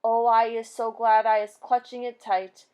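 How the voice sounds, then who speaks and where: A woman voicing a big, gentle, excitable male giant who mangles his grammar and makes up words. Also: fairly high pitch, normal speed, smooth, lightly acted. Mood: indignant.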